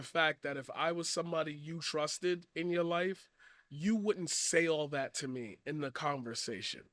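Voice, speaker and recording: High bright-voiced man ranting. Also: moderate pace, no room sound, studio quality. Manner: swings from loud shouting rants to quiet earnest talk; profane, blunt. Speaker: commentary streamer. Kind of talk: ranting commentary.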